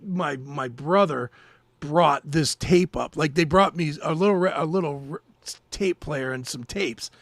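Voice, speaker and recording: A man co-hosting a podcast, telling a story in casual chat, animated and swearing freely. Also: fairly high pitch, unhurried, no echo. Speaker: podcast co-host.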